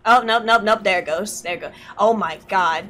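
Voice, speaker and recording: A young woman playing a video game with a friend, chatting casually, swearing and yelping at the game. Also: mid-range voice. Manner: loud swearing outbursts, quick laughs. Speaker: gaming YouTuber. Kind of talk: casual gaming commentary.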